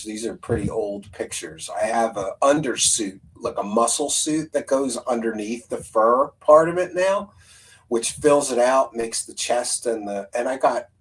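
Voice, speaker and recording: A man's voice: mid-range voice, rough recording. Male host, casual rambling talker, mid-range voice. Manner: rambling, laughs, thinks aloud, reads a synopsis. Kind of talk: casual live-stream chat.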